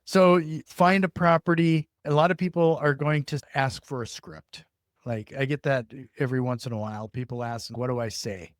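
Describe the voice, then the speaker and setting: A man's voice: mid-range voice, fairly even intonation, normal speed, no echo, clean studio sound. Casual laid-back podcast host man. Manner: casual, loose phrasing with "like" and "I mean".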